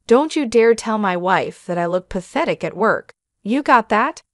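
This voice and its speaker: A contemptuous, loud-mouthed brother who sneers and rants in short bursts, as a woman puts him on. The voice is dry and close, with no room around it. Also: medium pitch, sing-song, moderate pace, no echo. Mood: shouting. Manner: scornful, shouting insults. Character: arrogant insulting adult brother, man.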